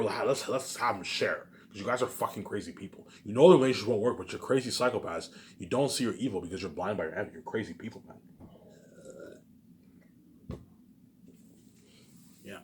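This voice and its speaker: A man's voice: low voice, brisk, pauses often, a little hiss or hum. A man from Canada talking alone to camera in a rambling, repetitive monologue, swearing often and stressing his points. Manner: repetitive, profane, emphatic, keeps saying "obviously". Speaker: vlogger.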